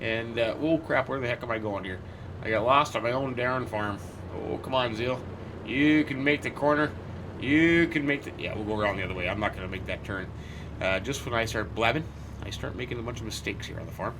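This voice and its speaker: A man's voice: mid-range voice, brisk, noisy background. A man giving casual in-character commentary as he plays a farming game, rambling and thinking aloud with plenty of fillers. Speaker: game roleplay host.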